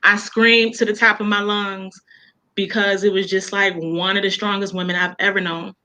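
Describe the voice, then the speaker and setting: A woman's voice: mid-range voice, little pitch movement, normal speed, pushed and bright, poor audio. A woman author talking casually as an interview guest, telling emotional personal stories with many fillers and restarts.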